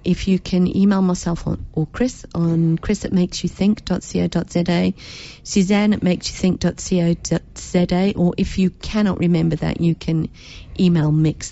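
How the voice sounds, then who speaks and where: A woman's voice: lowish voice, mellow, lo-fi sound. A woman hosting a radio talk show, direct and encouraging as she speaks to listeners. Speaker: radio host.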